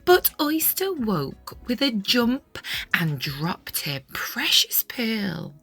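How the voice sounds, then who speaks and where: A woman reading a children's picture book aloud in an expressive, sing-song storytelling manner, sometimes dropping into whispered asides. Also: a little high, extremely slow, no echo, faint music behind.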